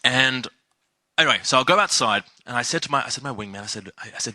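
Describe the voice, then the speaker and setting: A man's voice: medium pitch, animated, fast, sharp tone, no echo. A man giving a seminar talk, telling a story and acting out the quotes. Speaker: seminar speaker.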